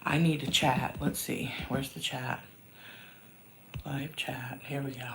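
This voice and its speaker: A woman's voice: rumbling low, fairly even intonation, slow pace, gravelly, long pauses, background noise. A woman hosting a casual livestream chat from home, rambling and self-mocking, with a cough that keeps breaking into her voice. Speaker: host answering viewer questions. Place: downstairs at home.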